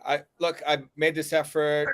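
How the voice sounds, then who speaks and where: A man's voice: a little high, completely flat delivery, normal speed, a little hiss or hum. A man in his fifties, co-hosting a casual chat over a video call, boastful and swearing freely. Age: 50s. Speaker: co-host. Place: on the road, remote.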